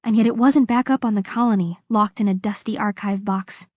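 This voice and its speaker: This is a mid-range female voice narrating an audiobook, her reading measured and expressive. The audio is studio quality, with no room sound at all.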